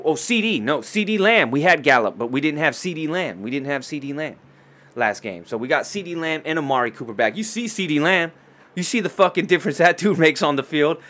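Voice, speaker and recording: A man hosting a casual sports show, talking fast and loose with lots of swearing and trash talk. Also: a little high. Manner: profane, excitable trash talk.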